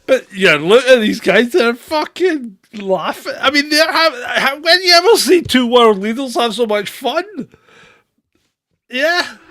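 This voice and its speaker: Guy hosting chat show, laughs a lot, swears, slow, bright voice. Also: very high voice, expressive. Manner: laughs often, swears casually. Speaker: host. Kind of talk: casual commentary chat.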